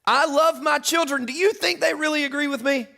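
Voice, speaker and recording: A middle-aged man preaching a sermon in a church, chatty and casual, building to loud, emphatic peaks. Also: extremely high pitch, fairly even intonation, a little fast, vocal fry. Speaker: pastor. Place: church auditorium.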